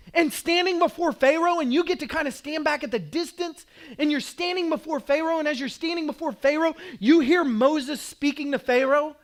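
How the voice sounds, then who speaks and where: A man with an Oklahoman accent preaching a sermon from the pulpit. His voice sits very high for a man, and he tells stories with animated energy, acting out scenes and sometimes rising to a shout. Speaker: pastor.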